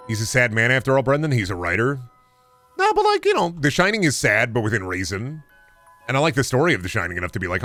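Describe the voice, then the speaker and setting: A man's voice: medium pitch, wildly swooping pitch, fast, fairly bright tone, faint music behind. A man streaming, chatting casually in a rambling, profane, sarcastic way.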